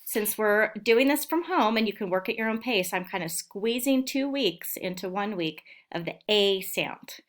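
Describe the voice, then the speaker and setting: A woman teacher giving a recorded phonics lesson to young children, sounding out words slowly and clearly. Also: mid-range voice, lively intonation. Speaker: elementary school teacher.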